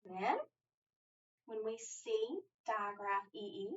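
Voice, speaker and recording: A woman teaching a phonics lesson, explaining each step in a deliberate, methodical way. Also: mid-range voice, steady tone. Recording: distant lo-fi mic with faint room ambience.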